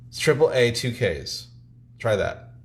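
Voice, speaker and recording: Teasing live-stream co-host, mid-pitched, animated delivery, deadpan jokes. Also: a little slow. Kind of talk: casual live-stream banter.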